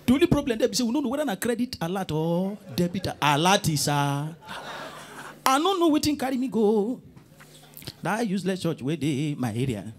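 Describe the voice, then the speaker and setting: A male stand-up comedian with a Nigerian accent, telling a church story in a gravelly voice with pidgin phrases. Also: sits high. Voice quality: gravelly, mixes pidgin into his talk. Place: comedy show stage. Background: crowd and music.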